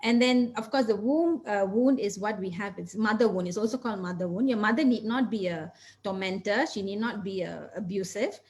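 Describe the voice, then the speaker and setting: A woman's voice: mid-range voice, brisk, darkish tone. A woman physician and coach answering interview questions, explaining in an earnest, step-by-step way.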